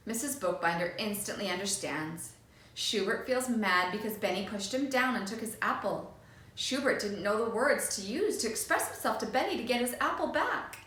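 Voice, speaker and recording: A woman, a preschool teacher, reading a storybook aloud to children with expressive, lively delivery. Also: medium pitch, measured pace. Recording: echoey room.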